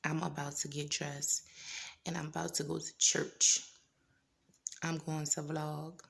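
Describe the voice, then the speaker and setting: Earnest woman with a gravelly low voice. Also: flat delivery, a little slow. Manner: earnest, repeats phrases for emphasis; drops into hushed whispers at times. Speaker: vlogger. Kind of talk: personal testimony.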